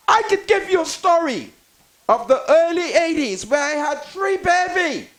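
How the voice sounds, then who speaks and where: An older man from the Bahamas with a Bahamian accent, a guest on a talk show. He tells stories emphatically, in a preachy way, and sometimes rises to a shout. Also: extremely high pitch, sing-song, moderate pace, low-quality recording. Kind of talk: talk radio discussion.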